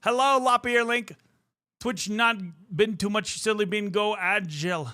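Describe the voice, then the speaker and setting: The studio-quality recording catches a young streamer, a bit out of breath, chatting playfully with viewers in a casual livestream. His high-pitched voice is bright and forceful, a little slow, with no echo.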